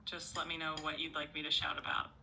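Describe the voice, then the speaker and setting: A synthetic AI assistant voice of a woman, speaking in a calm, polite and cheerful way. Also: low-pitched, fast talker, creaky, a little hiss or hum, low-quality recording.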